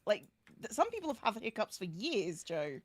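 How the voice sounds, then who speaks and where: A woman's voice: mid-range voice, very animated, no room sound. A woman chatting casually on a voice call, reassuring and playful, often restarting her sentences. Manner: reassuring, playful, talks in quick bursts with restarts. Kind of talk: casual chat.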